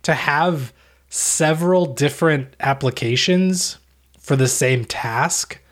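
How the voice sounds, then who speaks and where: A man co-hosting a podcast in casual chat, telling a travel story with deadpan jokes and a rambling manner. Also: fairly high pitch, takes it slowly. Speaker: podcast co-host.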